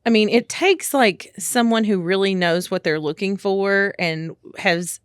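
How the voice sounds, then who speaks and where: A woman's voice: medium pitch, a little slow, clean tone, no room sound, clean studio sound. A woman co-hosting a podcast in casual chat, chiming in with short agreeing remarks. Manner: agreeing, interjecting briefly. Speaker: podcast co-host.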